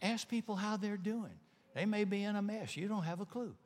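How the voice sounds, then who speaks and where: A male pastor with a slightly high voice preaches to his congregation, emphatic and conversational, slipping in wry jokes between his points. His words ring out with a long reverb, as in a large church hall. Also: normal speed. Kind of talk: sermon. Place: church sanctuary.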